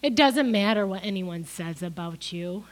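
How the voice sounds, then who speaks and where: A woman's voice: medium pitch, animated, moderate pace. A middle-aged woman preaching a sermon, crying as she gives an emotional testimony that builds to emphatic peaks.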